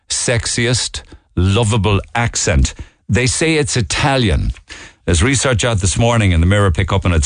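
Irish male talk radio host, middle-aged, low voice, chatty and digressive, dry studio sound. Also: no echo. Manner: chatty, with fillers and asides, voice leaping up when indignant. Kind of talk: casual talk radio monologue.

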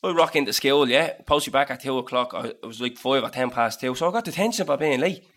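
A man in his late twenties with a Dublin accent, co-hosting a podcast and telling a story in casual, animated chat, swearing and acting out the people in it. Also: mid-range voice, fast talker. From Dublin, Ireland. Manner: animated, swearing, acts out voices in anecdotes.

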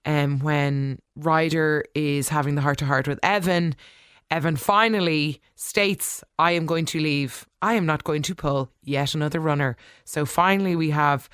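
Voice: medium pitch, fairly bright tone, clean tone, no room sound, studio quality. A vlogger giving a casual, opinionated episode recap in a chatty way, often talking back to the characters. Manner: chatty, opinionated, full of "like" and asides. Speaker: soap opera recap vlogger.

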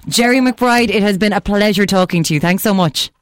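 A woman's voice: mid-range voice, fairly quick, no room sound. An Irish woman hosting a radio show, chatting playfully and laughing easily. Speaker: radio host. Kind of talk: casual radio chat.

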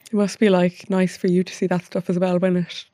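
A woman hosting a podcast interview. She talks gently and sympathetically, with soft affirmations. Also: on the low side, flat delivery, a little fast, no echo, clean studio sound. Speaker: podcast host. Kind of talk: casual interview chat.

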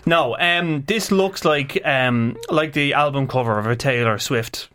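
A man's voice: medium pitch, unhurried, sharp tone. Rambling man reviewing a film. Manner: rambling, filler-heavy. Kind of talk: casual radio chat.

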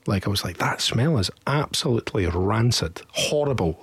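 A young Scottish man co-hosting a football podcast, telling stories in a lively, animated way. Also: lowish voice, fairly quick, husky. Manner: animated storyteller with lively quoted voices. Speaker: podcast co-host. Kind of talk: casual podcast chat, storytelling.

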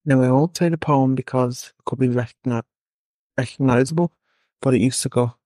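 A man leaving a voice note for a podcast, telling a school story in halting phrases with pauses. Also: mid-range voice, fairly even intonation, a little mellow, no room sound. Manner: halting, pausing between phrases. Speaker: listener sending a voice note.

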